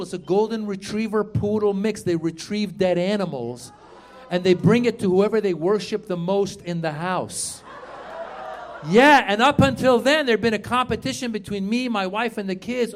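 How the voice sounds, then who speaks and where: A middle-aged man from Iran performing a stand-up comedy set on a club stage, animated and shouting punchlines. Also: sits high, normal speed. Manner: animated, acts out quoted voices, shouts punchlines. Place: comedy club stage before a live audience.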